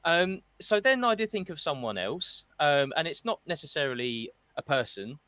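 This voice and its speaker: Male co-host, sarcastic ranter, expressive delivery, dry booth sound. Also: a little high, moderate pace, no echo. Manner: ranting, mocking, with mimicked voices. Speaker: podcast co-host. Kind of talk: casual football chat.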